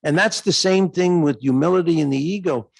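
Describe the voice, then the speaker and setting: A man giving an animated answer in a lecture question period, acting out dialogue as he tells a story. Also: a little fast, vocal fry, dry recording. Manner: animated storytelling, acts out dialogue in raised pitch. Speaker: guest lecturer. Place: lecture hall.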